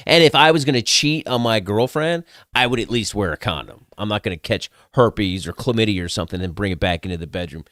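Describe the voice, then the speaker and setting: A man's voice: deep voice, a bit bright, dry recording, studio quality. Crude, candid man telling stories. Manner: candid, crude, self-mocking, swears freely. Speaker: podcast host. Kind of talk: casual storytelling.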